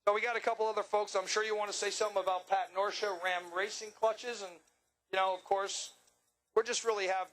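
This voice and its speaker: A man with a high, ringing voice works the winner's circle at an outdoor drag strip. He jokes, teases and hypes the racers into a handheld microphone, never losing his brash energy. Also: little pitch movement, a little fast, fairly bright tone, poor audio. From Long Island, New York. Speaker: track announcer.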